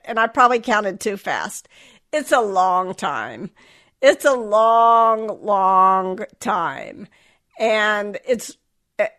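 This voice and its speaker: A woman's voice: mid-range voice, a bit bright. Candid middle-aged American woman, reflective. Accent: General American, Southern accent dropped. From Southern United States. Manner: reflective, self-deprecating, restarts often. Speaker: author and guest. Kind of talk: candid interview talk.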